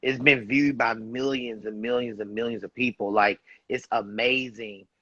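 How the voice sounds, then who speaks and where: Effusive bright-toned male host, muffled. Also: mid-range voice, fairly even intonation, normal speed, slightly rough, no echo. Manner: effusive, encouraging interjections. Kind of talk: casual interview chat. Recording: dull muffled dry sound.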